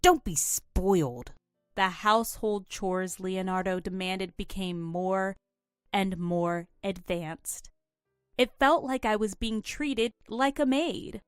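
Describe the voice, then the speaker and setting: A woman narrating a first-person drama story in an earnest, emotional, measured way. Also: mid-range voice, clean tone, no echo, clean studio sound, faint music behind.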